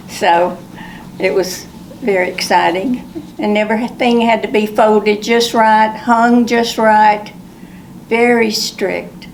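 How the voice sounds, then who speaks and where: A woman's voice: mid-range voice, steady tone, a little hiss or hum, poor audio. An older woman veteran recalling strict inspections in short, clipped phrases. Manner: slow, clipped recollection. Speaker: military veteran. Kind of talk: recorded oral history interview.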